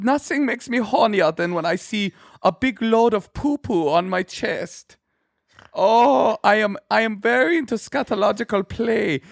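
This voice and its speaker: A man putting on an exaggerated German accent for a comic bit, in a high, playful voice. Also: creaky, no echo, clean studio sound. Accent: put-on German. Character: overexcited adult man with a put-on German accent.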